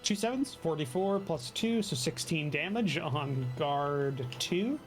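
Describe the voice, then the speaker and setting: Give me a game master who laughs between rolls, with quick narration over faint background music. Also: medium pitch, lively intonation. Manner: laughs often while narrating, quick asides. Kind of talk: running a live tabletop game.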